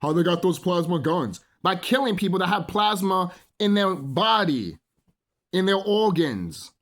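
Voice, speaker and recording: Animated man ranting casually. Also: sits high, a little slow. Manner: rambling and emphatic, heavy swearing; repeats phrases and asks "you know?". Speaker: channel host. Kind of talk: casual unscripted monologue.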